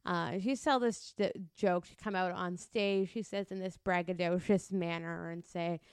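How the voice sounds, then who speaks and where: A woman's voice: on the low side, fairly even intonation, normal speed, few pauses, smooth, no room sound, clean studio sound. A woman co-hosting a podcast in casual chat, rambling with lots of fillers and restarts. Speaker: podcast co-host.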